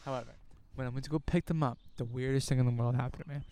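A young man telling a rambling story in a casual outdoor podcast chat, getting animated and cursing as he goes. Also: mid-range voice, very fast, slight background noise. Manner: rambling, animated, swears when worked up. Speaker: podcast guest.

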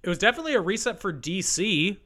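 Dry, rambling man with a bright voice. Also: high-pitched, quick pace. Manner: rambling, deadpan storytelling with dry asides. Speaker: podcast co-host. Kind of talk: casual chat. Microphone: remote call mic.

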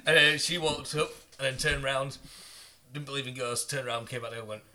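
A man hosting a podcast, telling stories in casual chat, animated and laughing often, with plenty of swearing. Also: medium pitch, a little fast, slight background noise. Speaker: podcast host.

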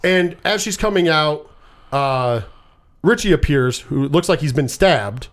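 A man's voice: fairly high pitch, animated, measured pace. A man casually recapping a movie plot, cursing freely and rambling as he retells scenes. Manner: profane, rambling storyteller.

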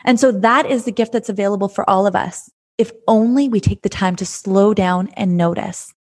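A woman coach talking in a gentle, earnest monologue, often repeating her phrases as she reflects. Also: mid-range voice, moderate pace.

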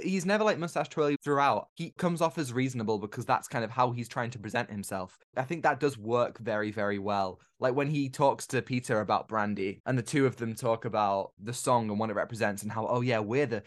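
A man's voice: medium pitch, a little fast, hardly any pauses. Male podcast co-host, mid-range voice, casual and talkative, restarts sentences. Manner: talkative, repeats words when starting sentences. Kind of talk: casual film discussion.

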